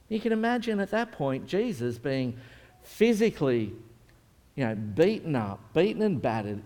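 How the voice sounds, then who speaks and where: Male preacher, earnest and conversational, mid-pitched, recorded in a reverberant church hall. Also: darkish tone. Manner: earnest, conversational with vivid retelling. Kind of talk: sermon. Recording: long reverb in a large hall.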